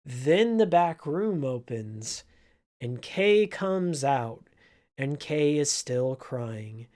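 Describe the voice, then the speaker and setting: A man's voice: mid-range voice, animated, darkish tone. A man telling an emotional story from his old job in a casual vlog, in an earnest, heartfelt way. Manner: slow, earnest, emotional retelling. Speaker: vlogger, former game store clerk.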